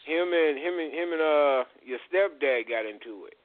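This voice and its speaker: Profane, lively man on a phone line. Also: a little high, moderate pace. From Gary, Indiana. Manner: profane, animated storytelling. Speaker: radio show host. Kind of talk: casual reminiscing chat. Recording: phone-quality line, faint noise.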